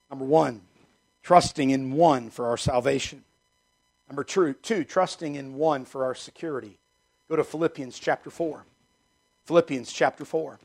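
A middle-aged man preaching a sermon in a gravelly, slightly high voice. He hammers key phrases again and again and moves from ringing emphasis to quiet, low asides. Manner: emphatic, repeats key phrases, swings from loud to hushed. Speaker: pastor.

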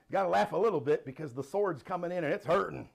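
A middle-aged male pastor preaching a sermon, animated and laughing now and then as he reads and explains scripture. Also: a little high, a little fast, gravelly, slightly rough.

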